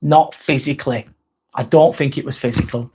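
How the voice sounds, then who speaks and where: This middle-aged man with an English accent speaks at a medium pitch and moderate pace, his intonation fairly even and his tone mellow but slightly rough. He chats candidly on a live stream, rambling and reading out viewer comments.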